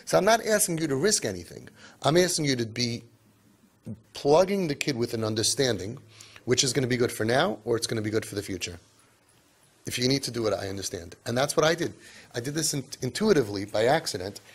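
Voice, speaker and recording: A man lecturing parents, emphatic, tossing in asides and Yiddish and Hebrew words, his pitch and loudness swinging for emphasis. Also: lively intonation, quick pace, slightly rough. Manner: emphatic, with many asides of "right?" and "okay?". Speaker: parenting speaker.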